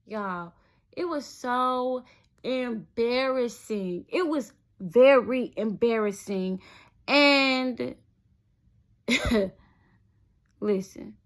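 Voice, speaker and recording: A young adult woman tells a story straight to her viewers in a casual vlog. Her voice sits a bit high and carries a gravelly, fry-edged texture. She talks in an animated, chatty way, speaking to her audience as if to friends. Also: extremely slow, long pauses. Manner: chatty, animated, keeps addressing viewers as "y'all". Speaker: vlogger telling a personal story.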